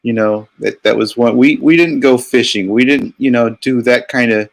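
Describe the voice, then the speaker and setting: A man's voice: mid-range voice, normal speed, gravelly. A man co-hosting a stream, reminiscing casually with chuckles and many fillers. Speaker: co-host. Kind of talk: casual chat.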